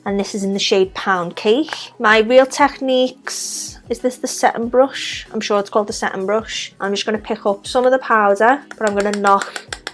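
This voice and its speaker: Here a makeup vlogger, a young woman from Liverpool with a Scouse accent, narrates a casual tutorial step by step. She speaks at normal speed in a mid-range voice with fairly even intonation, slipping in chatty remarks that poke fun at herself.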